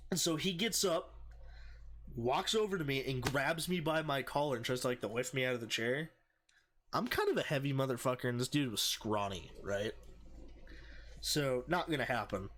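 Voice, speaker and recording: A young man hosting a podcast, telling a rowdy story in casual chat, heavy on swearing and loud acted-out quotes. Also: medium pitch, normal speed. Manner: profane, animated, shouts in quoted voices.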